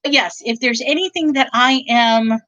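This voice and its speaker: A woman's voice: a little high, normal speed, bright, forceful tone, no room sound, muffled recording. A woman hosting a live stream, chatting casually and rambling with restarts.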